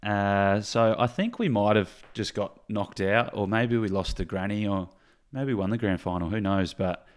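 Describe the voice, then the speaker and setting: Laid-back man, low voice. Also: normal speed, hardly any pauses. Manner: relaxed, rambling, with frequent fillers and "reckon". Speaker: podcast co-host. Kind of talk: casual chat.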